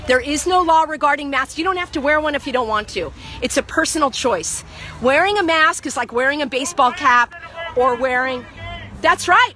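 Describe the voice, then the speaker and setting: High, bright-voiced woman lecturing outdoors. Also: brisk, a little hiss or hum. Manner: preachy, insistent, argumentative. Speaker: activist filming a market. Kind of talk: impassioned street lecturing. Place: outdoor market. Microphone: handheld phone.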